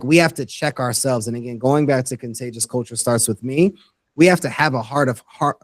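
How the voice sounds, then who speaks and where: A man's voice: mid-range voice, no room sound. A man who is a guest educator on a podcast interview, earnestly explaining his ideas step by step. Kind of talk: interview conversation.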